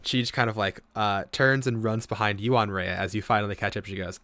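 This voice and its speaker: A man's voice: lowish voice, fairly even intonation, a little fast, few pauses, sharp tone, no echo. A man narrating as game master, with a hesitant, filler-heavy way of talking.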